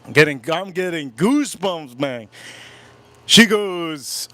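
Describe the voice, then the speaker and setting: Live host, male, slightly high voice, retelling a creepy experience in an animated, repetitive way. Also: slow pace. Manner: animated, repetitive, keeps breaking off about goosebumps. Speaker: whiskey channel host. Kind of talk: casual livestream storytelling. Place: home, live stream.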